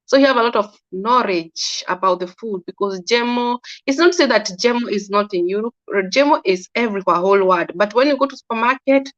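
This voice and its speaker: A woman's voice: medium pitch, lively intonation, normal speed, a bit bright. Earnest woman, dull lo-fi sound. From Kenya. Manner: earnest, repetitive, restarting sentences. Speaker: commentator. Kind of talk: casual opinion monologue.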